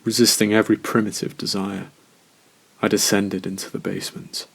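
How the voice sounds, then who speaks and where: A man narrating a first-person horror story in a slow, measured, scripted way. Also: on the low side, little pitch movement, gravelly, husky.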